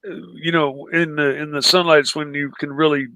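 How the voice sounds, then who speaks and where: Hesitant man with a smooth voice. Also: fairly high pitch, level tone, normal speed, pushed and bright, no room sound. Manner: hesitant, full of ums and restarts. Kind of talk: casual livestream chat.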